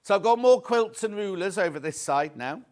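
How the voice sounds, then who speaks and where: Here the shopping channel presenter speaks in a high voice at a moderate pace, his intonation lively. He's hosting a live TV studio sales show, chatty and jokey, pushing deals and reading viewer messages aloud.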